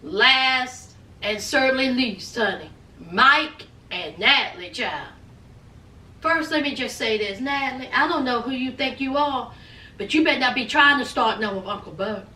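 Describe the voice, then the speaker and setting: A woman's voice: high-pitched, expressive, moderate pace, sharp tone, roomy sound, recorded from a distance. A woman giving sassy, dramatic commentary in a TV recap vlog, full of folksy slang. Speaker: reality TV recap vlogger.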